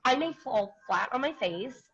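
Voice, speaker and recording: A woman's voice: fairly high pitch, lively intonation, unhurried, slightly rough. A woman guest in a casual interview who talks bluntly and repeats words as she searches for them. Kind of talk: casual live-stream interview. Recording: dull lo-fi sound.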